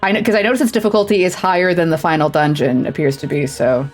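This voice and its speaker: A woman's voice: lowish voice, steady tone, fast talker, faint music behind. A woman streaming a video game, chatting casually and thinking aloud with self-deprecating asides. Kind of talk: casual let's-play commentary.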